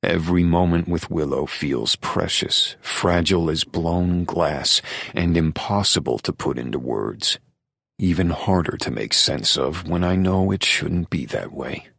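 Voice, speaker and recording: Deep gravelly male romance narrator. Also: measured pace, fairly bright tone, dry recording, clean studio sound. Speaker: audiobook narrator. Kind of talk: first-person romance novel narration.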